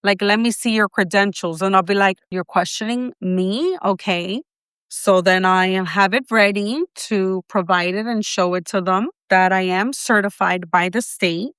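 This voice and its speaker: A woman's voice: mid-range voice, a bit bright, smooth, no room sound, clean studio sound. A woman with a non-native accent, chatting casually as a notary showing her supplies, rambling and asking herself what things are called. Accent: non-native English accent. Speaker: loan signing agent and notary. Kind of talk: casual show-and-tell vlog. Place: Florida, USA.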